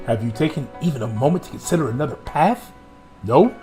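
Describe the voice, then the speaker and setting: A man's voice: a little high, expressive, brisk, soft background music. A man streaming a video game who reads the cutscene dialogue aloud in a theatrical way and jokes with his chat between lines. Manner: theatrical reading, playful asides to chat. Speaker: gaming streamer.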